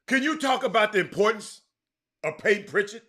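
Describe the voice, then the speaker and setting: A man's voice: high voice, expressive, a little fast, sharp tone. A middle-aged man hosts a casual sports talk stream, reading viewer comments aloud and often dropping to a mutter. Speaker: sports talk show host.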